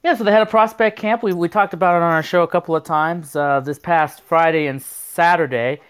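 A man's voice: a little high, steady tone, fairly quick, a bit bright, clean tone. A man co-hosting a sports talk show, chatty and self-deprecating, reading out news items with some stumbles. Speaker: co-host.

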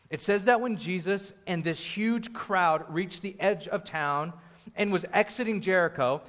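A young man preaching a sermon in an animated way, acting out the crowd's voices and raising his voice for emphasis. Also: high voice. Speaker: pastor.

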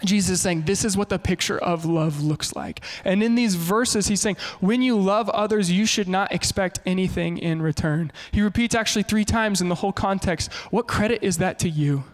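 Man, 30s, pastor, sermon, higher-pitched voice, animated storyteller. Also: moderate pace, hardly any pauses.

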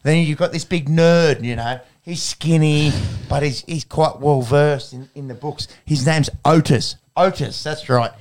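A man with a slightly higher voice chats loosely about cricket on a podcast. He jokes around and often restarts his sentences. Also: measured pace, few pauses, a little mellow. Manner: chatty, jokey, trails off in restarts. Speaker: podcast co-host. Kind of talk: casual chat.

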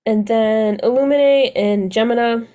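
A woman's voice: on the high side, unhurried, dark tone, smooth. A woman co-hosting a podcast, chatting casually and gushing enthusiastically about books she loved, often laughing. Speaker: podcast co-host.

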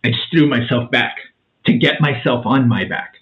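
A man's voice: mid-range voice, normal speed. Forties male guest: chatty, acts out every quote, drops "dude" often; tinny phone-quality audio. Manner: animated storyteller, acts out quotes, says "man" and "dude" a lot. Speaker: podcast guest. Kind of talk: casual storytelling.

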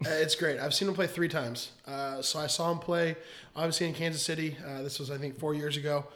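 A man's voice: fairly high pitch, steady tone, fairly quick, fairly bright tone. A man in his thirties, a podcast guest, telling long casual stories and laughing often. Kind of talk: casual chat, storytelling.

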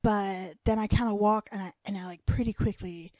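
Young woman rambling through a story on a podcast, lots of likes and giggles, mid-pitched, dry sound. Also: fairly even intonation, a little fast, dark tone, no room sound. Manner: chatty, rambling, frequent fillers and laughs. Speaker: podcast co-host. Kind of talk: casual storytelling chat.

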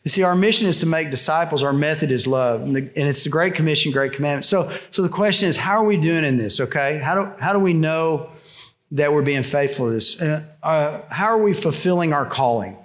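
An older man preaching a sermon, telling a story conversationally with restarts, dropping low and soft for quoted lines. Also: fairly quick. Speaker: pastor.

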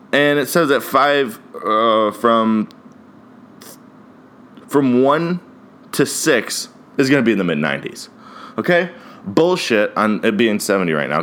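This Ohio podcast host, a man in his mid-twenties, talks in a mid-range, slightly bright voice on his casual solo show. His rambling is packed with "like" and "dude," punctuated by frequent laughter and cursing.

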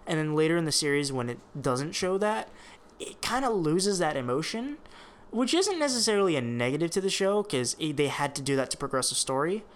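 Animated man, slightly high voice. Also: fairly quick. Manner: animated, swears freely, many restarts. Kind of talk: casual chat reviewing a TV show.

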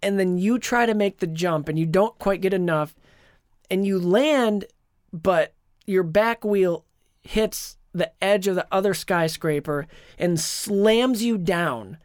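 A man co-hosting a podcast, telling a long dream in a rambling, animated way with lots of fillers. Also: high-pitched, slow, smooth, dry recording, studio quality. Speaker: podcast co-host. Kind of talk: casual chat, retelling a dream.

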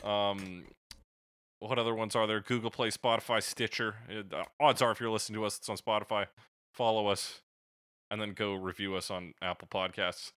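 A man's voice: lowish voice, fairly even intonation, normal speed, fairly bright tone, clean tone, dry recording, clean studio sound. A man co-hosting a podcast, chatting casually and joking through the sign-off. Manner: jokey, laughing, loose wrap-up patter. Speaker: podcast co-host.

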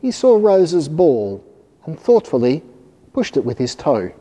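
A man reading a children's picture book aloud, expressive and animated. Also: a little high, a little slow. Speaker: storyteller. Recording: reverberant hall.

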